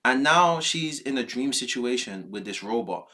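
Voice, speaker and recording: A man streaming his reactions to news clips, worked up and ranting with plenty of slang and swearing. His pitch swings widely as he goes. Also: normal speed. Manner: exasperated, animated, swearing, slangy.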